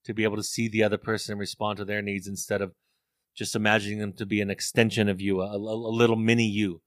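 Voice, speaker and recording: A man's voice: lowish voice, level tone, quick pace, a bit bright, no room sound. Middle-aged guy therapist, earnest storytelling, restarts a lot, dry sound. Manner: earnest, storytelling, repeats words as he thinks. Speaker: therapist and author. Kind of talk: reflective interview talk.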